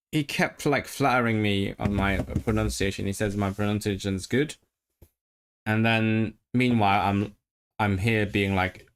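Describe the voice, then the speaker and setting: A man casually chatting on a language-learning livestream, musing aloud, answering chat and practising rolled R sounds. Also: mid-range voice.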